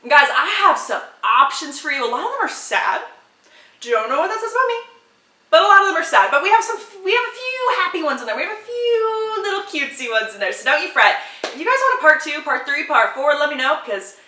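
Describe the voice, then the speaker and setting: Young woman, bubbly, bright voice, casual book chat, roomy echo. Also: high voice, brisk. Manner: bubbly, excitable, laughs and half-sings lyrics. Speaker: book content creator. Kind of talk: casual chatty book recommendations.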